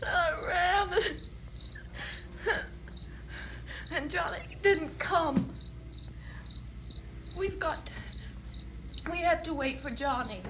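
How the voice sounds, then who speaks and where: A young woman in shock in a vintage horror film. Her voice runs high and slow as she stumbles through her words. Crickets chirp loudly behind her on the old soundtrack. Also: background noise. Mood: hysterical. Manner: halting, dazed recollection rising to sobbing screams.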